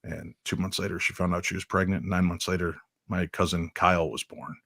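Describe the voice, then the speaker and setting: A middle-aged man, a radio guest, recounting a personal story in a measured, reflective way, with hesitant fillers. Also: deep voice, little pitch movement, bright, forceful tone, no room sound, clean studio sound.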